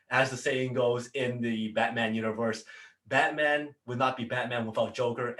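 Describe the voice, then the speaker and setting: A man's voice: medium pitch, fairly bright tone. Male host, motivational business talk, earnest and repetitive, mid-range voice. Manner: earnest, repetitive phrasing with frequent fillers. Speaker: business coach and show host.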